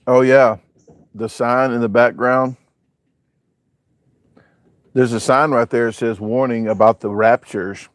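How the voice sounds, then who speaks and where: Here the host talks slowly at medium pitch, pausing often, his intonation fairly even, in a dry recording. A backyard fills the camera as he chats live from home. Comments from viewers get read aloud between his southern-flavored jokes and rambling.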